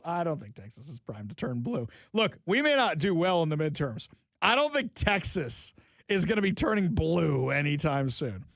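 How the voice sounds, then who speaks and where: A man's voice: fairly high pitch, very animated, moderate pace, fairly bright tone, no room sound. Sarcastic man hosting political talk radio. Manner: sarcastic, mocking asides; reads news items aloud, then comments on them. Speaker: radio talk show host.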